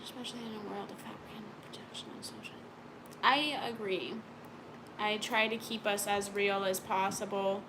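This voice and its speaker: A sleepy woman answering viewer questions in a casual chat, halting and searching for words as she rambles. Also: mid-range voice, steady tone, noisy background.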